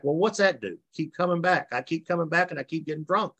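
A man's voice: fairly high pitch, fast talker, few pauses, fairly bright tone. Folksy man telling his story. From West Virginia. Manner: folksy storyteller acting out quoted voices. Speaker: recovery meeting speaker. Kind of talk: personal testimony. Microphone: video call.

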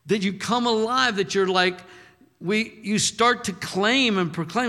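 Older male pastor, somewhat high voice, impassioned sermon delivery. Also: measured pace, bright, forceful tone, long reverb tail. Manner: impassioned preaching mixed with folksy storytelling.

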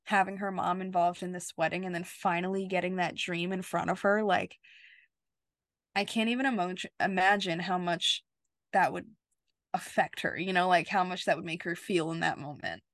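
A woman's voice: lowish voice, fairly even intonation, moderate pace, a bit bright, dry recording, clean studio sound. A woman co-hosting a podcast, recapping a TV episode in heartfelt, gushing chat with many fillers. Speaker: podcast co-host.

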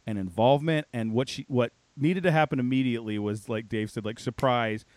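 A man co-hosting a casual chat, telling a story in an animated, filler-heavy way and quoting himself and others. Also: mid-range voice, brisk, no room sound.

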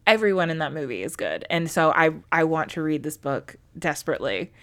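A woman's voice: low voice, big pitch swings, a little fast, fairly bright tone. A young adult woman co-hosting a casual book podcast, talking emotionally and swearing freely. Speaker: podcast co-host.

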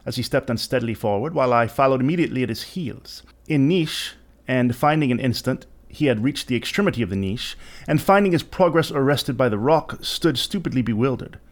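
A man narrates a classic story as a theatrical, interpretive reading. His voice sits in a middle pitch but ranges widely with expression. The delivery is deliberate and performed. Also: lively intonation. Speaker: reader.

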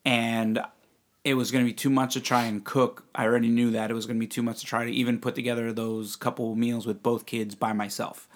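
Fairly quick and medium-pitched, this man's voice shows little pitch movement. He co-hosts a casual podcast as co-host and client, a father of young kids who jokes and recounts long personal anecdotes.

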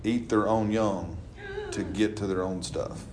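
Man, middle-aged, low voice, informal preaching, chatty and laughing, echoey room. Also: steady tone, a little slow. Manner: chatty, laughing, keeps asking "right?". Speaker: pastor leading a Bible study. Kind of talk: informal teaching with congregation replies. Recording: roomy echo, faint background noise.

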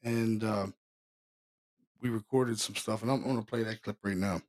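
A man's voice: on the low side, fairly even intonation, moderate pace. A man co-hosting a podcast, retelling a ghost hunt in a rambling way full of fillers. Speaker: co-host. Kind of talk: casual podcast storytelling.

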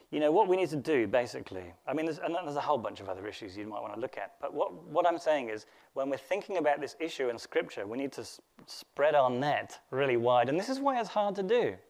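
A man's voice: medium pitch, darkish tone. A man giving a theology lecture, thoughtful, posing rhetorical questions and often restarting his phrases.

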